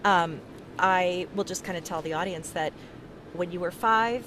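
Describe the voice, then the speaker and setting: A woman's voice: lowish voice, normal speed, fairly bright tone, slight background noise. A woman hosting a podcast and interviewing a guest in a casual, hesitant way with lots of fillers. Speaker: podcast host.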